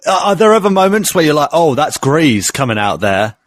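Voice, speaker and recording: Lively young man. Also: fairly high pitch, a little fast, no room sound. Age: 20s. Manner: chatty, playful, lively storytelling. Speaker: podcast co-host. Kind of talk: casual podcast chat.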